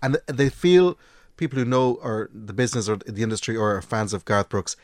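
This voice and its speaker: Man explaining, measured. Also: fairly low pitch, dry recording, studio quality. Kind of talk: casual chat.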